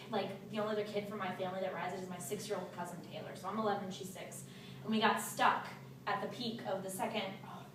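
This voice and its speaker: A woman's voice: mid-range voice, background noise. Young woman telling a story, roomy distant sound. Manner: animated, laughing, many fillers. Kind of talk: casual storytelling to a small group. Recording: roomy, distant mic, faint ambience.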